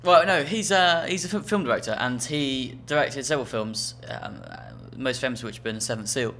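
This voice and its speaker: A man's voice: medium pitch, a little fast, a bit bright, slight background noise. A man co-hosting a podcast, reading listener emails aloud with dry, wry humour. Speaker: podcast co-host. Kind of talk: casual comedic chat.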